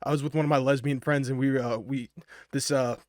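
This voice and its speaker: A man's voice: medium pitch, fairly even intonation, a little fast, no echo, studio quality. A young man casually telling a personal story, rambling and swearing a lot, full of fillers, wired on energy drinks. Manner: rambling and profane, with many fillers.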